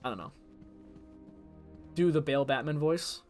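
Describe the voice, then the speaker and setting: Young dude streamer rambling, kinda high voice, music faintly underneath. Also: male voice, moderate pace, a little mellow. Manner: rambling, lots of fillers. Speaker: gaming streamer. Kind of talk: casual chat while gaming.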